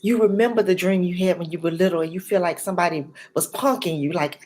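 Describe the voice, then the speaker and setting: A woman, a life and health coach, giving a motivational talk straight to the viewer in a preacher-like way, dropping to whispers and rising to loud emphasis. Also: lowish voice, fast. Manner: addresses the viewer directly.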